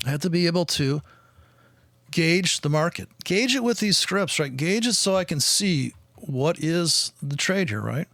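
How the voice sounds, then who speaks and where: A man's voice: on the high side, lively intonation, normal speed, a bit bright, no echo. A man hosting a podcast, ranting in a profane, sarcastic way. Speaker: podcast host and trader. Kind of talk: casual podcast rant.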